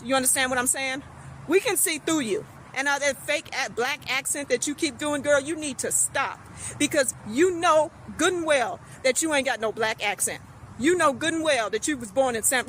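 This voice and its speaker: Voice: sits high, fairly bright tone, a little hiss or hum, low-quality recording. A speaker lecturing straight to camera in a repetitive, emphatic rant. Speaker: social media commentator. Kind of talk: direct-address rant to camera.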